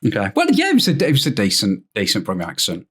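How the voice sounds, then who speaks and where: A man's voice: lowish voice, huge pitch swings, fairly bright tone, slightly rough. A man co-hosting a casual podcast, teasing the others in an easygoing way. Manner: teasing, easygoing, quick to laugh. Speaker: podcast co-host. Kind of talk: casual chat.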